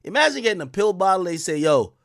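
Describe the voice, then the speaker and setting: Male streamer, mocking rant, bright and tense voice, very lively delivery. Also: high voice, moderate pace, no room sound, clean studio sound. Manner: sarcastic, mocking, swings between loud outbursts and muttered asides. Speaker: streamer and commentator. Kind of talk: animated live-stream commentary.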